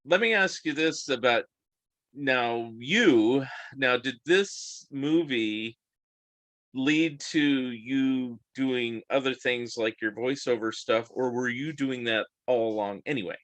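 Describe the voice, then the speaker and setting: A man hosting a podcast, asking rambling, halting questions in a casual interview. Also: medium pitch, a bit bright, no echo. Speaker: podcast host.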